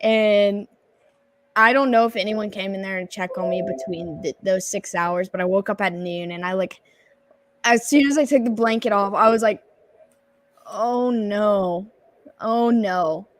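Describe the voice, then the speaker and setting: A woman's voice: medium pitch, steady tone, normal speed, slight background noise. A young woman co-hosting a podcast, casually telling a long personal story and acting out the quotes with lots of expression. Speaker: podcast co-host.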